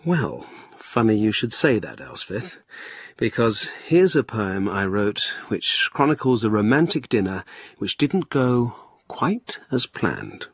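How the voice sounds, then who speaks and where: A man's voice: on the low side, sing-song, slow, slightly rough, no echo, studio quality. A man hosting a poetry programme in a pompous, self-important and earnest way. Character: pompous male poet hosting a show. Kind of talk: comic scripted presentation and poetry reading.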